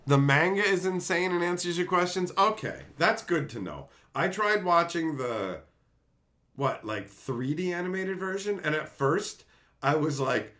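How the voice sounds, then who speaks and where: A man's voice: fairly high pitch, animated, moderate pace, sharp tone. A man casually ranting on a livestream, reading chat aloud, laughing and swearing as he gets worked up.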